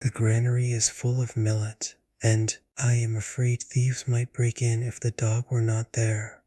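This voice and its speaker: Male reader as a pompous old manager, breathy, flat, whispered role-play. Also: mid-range voice, a little slow, dry recording, studio quality.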